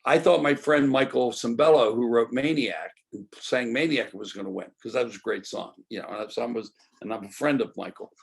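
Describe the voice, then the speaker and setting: A man's voice: mid-range voice, fairly quick, vocal fry, few pauses. An older man, a guest in an interview, telling stories animatedly and acting out quoted dialogue. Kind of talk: storytelling interview.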